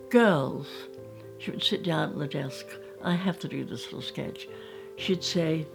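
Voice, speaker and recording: An older English woman recalls her childhood in a low, gravelly voice, lingering on her memories and slipping into little acted-out bits. Soft music plays faintly behind her. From England. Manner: reminiscing, animated, acting out scenes. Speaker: storyteller.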